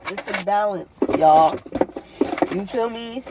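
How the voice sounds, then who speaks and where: A woman's voice: mid-range voice, slow, very noisy. A woman vlogging in a candid, emotional way, swearing freely and near tears as she talks. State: tearful. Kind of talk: casual emotional vlog talk.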